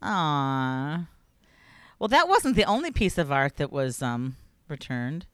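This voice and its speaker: A woman co-hosting a casual podcast, chatty and quick to laugh, speaking into a studio microphone. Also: deep voice, sing-song, fairly bright tone, dry recording. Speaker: podcast co-host. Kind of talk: casual banter.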